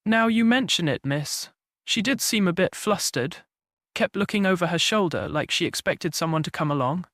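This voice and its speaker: A man's voice: sits high, lively intonation, moderate pace, fairly bright tone, no room sound, studio quality. A man voicing an anxious young male gardener's boy who talks in country dialect, in an audiobook mystery.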